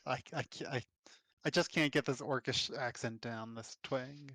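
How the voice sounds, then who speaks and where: Easygoing game master, a man at a middle pitch, close and dry. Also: steady tone, normal speed, fairly bright tone, no echo. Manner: easygoing, laughs off his own slips. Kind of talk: casual game-master narration.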